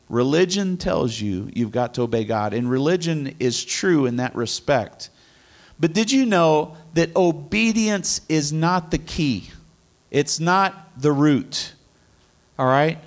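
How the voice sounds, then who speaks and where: Middle-aged man, bible teaching, earnest and chatty, repeats key lines, slightly high voice. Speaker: preacher.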